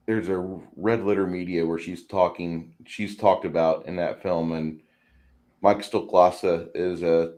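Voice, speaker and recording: A man's voice: deep voice, fairly even intonation, measured pace, darkish tone. A man hosting a casual stream, chatting while painting miniatures, rambling and often repeating words. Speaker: stream host. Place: home.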